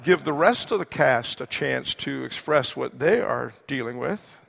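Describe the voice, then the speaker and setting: Earnest, gravelly-voiced male preacher. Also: mid-range voice, animated, a bit bright. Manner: earnest, slows down for emphasis. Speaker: pastor. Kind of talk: sermon.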